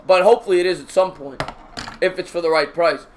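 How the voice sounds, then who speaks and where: A man streaming his own baseball play-by-play, calling pitches and chatting with viewers in a jokey, excitable way. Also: fairly quick. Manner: excitable, raises voice on big hits. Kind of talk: live-stream baseball play-by-play with chat shout-outs.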